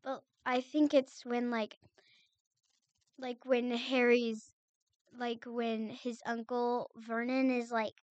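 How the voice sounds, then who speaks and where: Young woman, high smooth voice, slow rambling chat, dry close sound. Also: flat delivery, dry recording, lo-fi sound. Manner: rambling, many "like" fillers. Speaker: podcast co-host. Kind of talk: casual chat about books.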